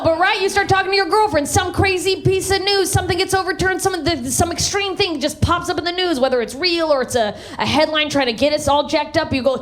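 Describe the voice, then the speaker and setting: A woman's voice: sits high, a little fast. A woman from the American South doing a brash, profane stand-up set into a handheld mic on stage. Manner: brash, profane, animated storytelling. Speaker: stand-up comedian. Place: theater stage.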